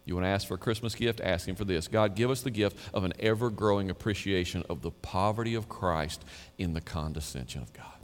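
A male pastor preaching a sermon in an emphatic, conversational style, at times dropping quiet and low. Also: brisk. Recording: reverberant hall.

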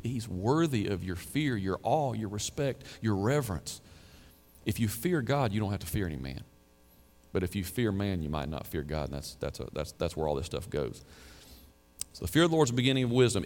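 A man's voice: mid-range voice, creaky. A man delivering a conversational sermon full of rhetorical questions, recorded in a reverberant hall. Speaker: pastor.

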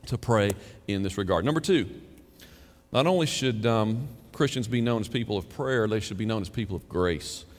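A man preaching a sermon as pastor, acting out quoted prayers and conversations. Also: medium pitch. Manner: animated, acts out quoted prayers and chatter. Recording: long reverb of a church hall.

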